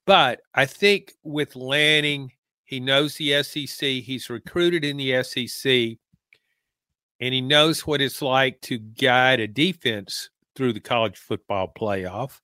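A man with a Southern US drawl, speaking slowly and deliberately in a casual sports podcast chat. His voice is bright and forceful. The sound is dry and close, with no room echo. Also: medium pitch. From American South. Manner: slow, measured drawl. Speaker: podcast co-host, football analyst.

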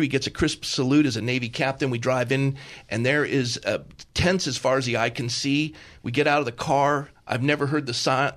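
Male radio host, 50s, earnest storyteller, middle pitch. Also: fairly bright tone. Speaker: guest radio host and pastor. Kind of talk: talk radio conversation.

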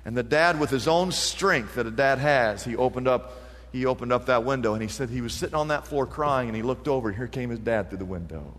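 A man's voice: mid-range voice, a little fast, a bit bright, long reverb tail. A male pastor preaching an impassioned sermon, building each point to a repeated refrain.

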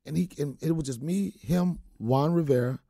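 A man's voice: a little high, moderate pace, gravelly, mellow, no room sound, studio quality. A man telling a story in casual chat, acting out quotes and laughing often. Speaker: comedian guest.

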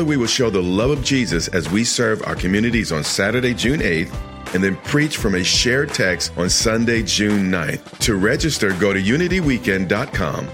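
A pastor reading an earnest, inviting church advertisement. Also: male voice, on the low side, a bit bright. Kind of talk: read radio ad.

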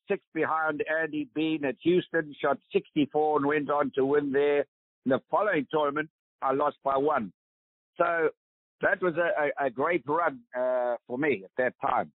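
A man's voice: a little high, no room sound. Man, 80s, South African accent, emphatic interview guest; dry, phone-quality sound. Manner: emphatic, preaching. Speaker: guest, veteran golfer. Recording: tinny phone line, dry.

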